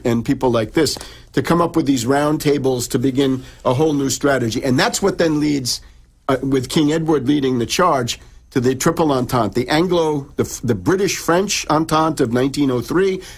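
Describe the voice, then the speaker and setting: A middle-aged man with a husky, medium-pitched voice is an in-studio guest author and researcher on a radio interview. He lectures on history, restarting and repeating words as he goes.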